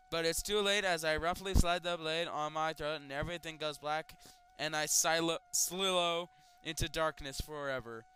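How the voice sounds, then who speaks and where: A young man reading creepypastas aloud and mocking them with sarcastic comments and loud outbursts. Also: on the high side. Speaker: creepypasta reader. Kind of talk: comedic dramatic reading with commentary.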